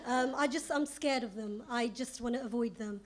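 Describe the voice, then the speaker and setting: A middle-aged female comedian talks to a live audience in a teasing, conversational way. Her voice sits fairly high for a woman. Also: moderate pace. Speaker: stand-up comedian. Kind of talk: stand-up comedy.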